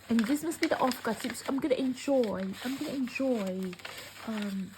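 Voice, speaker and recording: A woman, chatting tearfully and gushing as she unwraps gifts, often sinking into a soft whisper. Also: a little high, normal speed, background noise. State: teary. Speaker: craft vlogger. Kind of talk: casual unboxing chat.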